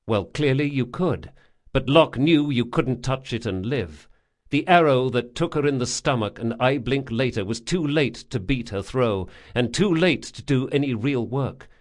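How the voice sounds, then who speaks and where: A man reads a fantasy novel aloud in a steady, dramatic narration. His voice sits in an ordinary middle register, with measured pacing through the action. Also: medium pitch. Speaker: audiobook narrator.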